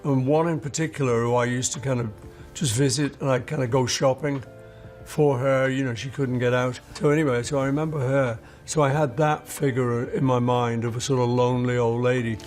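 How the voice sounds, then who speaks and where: A man's voice: mid-range voice, flat delivery, brisk, darkish tone, faint music behind. An older man from England, telling anecdotes in an interview and acting out the voices of people he quotes. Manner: acts out quoted voices in his stories. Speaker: musician interviewee.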